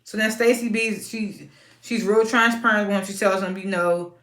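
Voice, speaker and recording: A woman giving a casual, outspoken recap of a reality TV episode, animated and prone to sudden high-pitched exclamations. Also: normal speed, reverberant. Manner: informal and outspoken.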